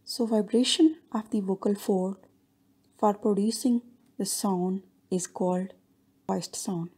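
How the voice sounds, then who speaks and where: Mellow, husky-voiced woman lecturing. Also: medium pitch, fairly even intonation, takes it slowly. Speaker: linguistics lecturer. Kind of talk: recorded lecture narration over slides.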